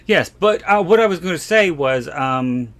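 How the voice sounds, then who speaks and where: A man co-hosts a podcast, chatting casually in a fairly bright, animated voice on the high side at normal speed. He rambles with many fillers and restarts.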